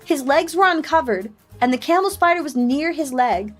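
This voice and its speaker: A woman's voice: sits high, lively intonation, moderate pace, faint music behind. A woman streamer casually telling a story to her chat, laughing often and acting out the voices of panicked people. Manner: shrieks when quoting panicked people.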